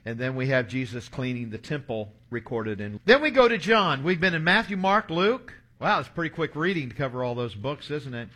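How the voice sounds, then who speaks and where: Earnest preacher in his sixties, bright voice. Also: medium pitch, a little fast, hardly any pauses. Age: 60s. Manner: earnest storytelling preacher, reading scripture aloud. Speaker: pastor. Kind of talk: sermon.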